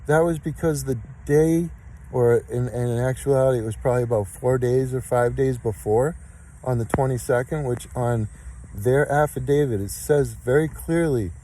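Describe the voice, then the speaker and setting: A man's voice: medium pitch, dark tone, poor audio. A man in his fifties, speaking in an aggrieved, insistent monologue about his case and repeating his points. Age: 50s. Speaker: complainant recording his case. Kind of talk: emotional spoken monologue.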